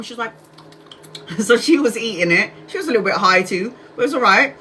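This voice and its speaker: A woman's voice: on the high side, fast talker, sharp tone, slight background noise. A woman in her forties, a tarot reader hosting a casual livestream, telling a story in a chatty way, laughing often, swearing freely and acting out what people said. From Brazil. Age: 40s.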